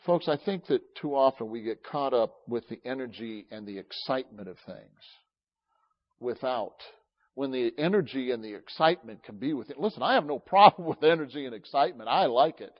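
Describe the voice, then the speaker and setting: A middle-aged man preaching a sermon, talking with feeling and building to loud, fervent peaks. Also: mid-range voice, lively intonation, fairly quick, dull audio.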